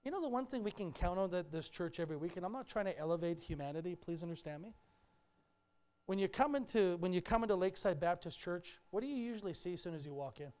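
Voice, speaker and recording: A male pastor preaching in a church, his voice sitting a little high for a man. He talks with the congregation in a candid, joking way, speaking straight to them. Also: lively intonation, quick pace, a little mellow. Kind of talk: sermon. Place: church sanctuary.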